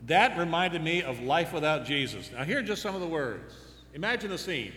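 A man's voice: fairly high pitch, animated, fairly quick, hardly any pauses, fairly bright tone. A man preaching a sermon, firing off rhetorical questions and adding dry humorous asides. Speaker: pastor. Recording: echoey hall with faint hum.

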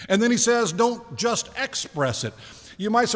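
A male pastor giving a sermon in a relaxed, conversational way, asking the congregation questions and slowing down to stress key words. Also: high-pitched. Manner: conversational preaching with rhetorical questions and slowed emphasis. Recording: long reverb of a large hall.

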